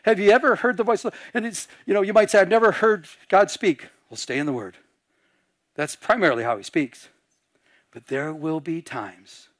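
Male pastor, high-pitched, lively sermon delivery, dry close recording. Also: normal speed, no echo. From Michigan. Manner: animated, acts out dialogue in quieter voices.

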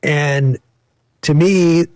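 A man's voice: on the high side, steady tone, very slow, background noise. A man recounting a personal story as an interview guest, emphatic and conversational.

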